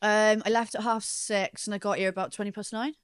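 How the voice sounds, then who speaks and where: A woman from Wales sits in as a podcast guest, chatting in a loose, self-mocking way. Her voice is smooth and resonant, and it is recorded close and dry. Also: mid-range voice, level tone, a little fast, no room sound. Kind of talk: casual chat.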